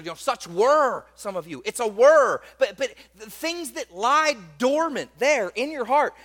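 A man preaching a sermon, swinging between loud emphatic stresses and quiet asides, and often repeating words as he restarts a phrase. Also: sits high. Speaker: pastor. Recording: long hall reverb.

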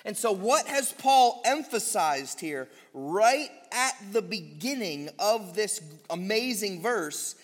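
A man's voice: high voice, expressive, slow pace, few pauses. A man preaching a sermon as pastor, teaching emphatically and drawing out key phrases of scripture. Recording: long hall reverb.

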